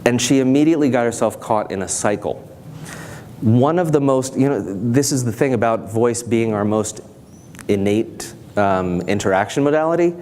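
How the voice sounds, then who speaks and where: A man giving a conference talk in a thoughtful, measured way, now and then acting out bits of dialogue. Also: medium pitch, a little mellow, a little hiss or hum. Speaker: conference speaker. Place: conference hall stage.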